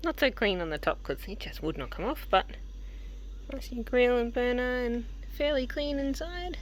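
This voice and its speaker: A woman's voice: on the high side, expressive, moderate pace. Chatty woman vlogging outdoors, noisy. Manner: chatty, rambling with fillers. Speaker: travel vlogger. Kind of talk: casual vlog chat. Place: outdoors at a caravan park and tavern. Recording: noisy outdoor camera audio.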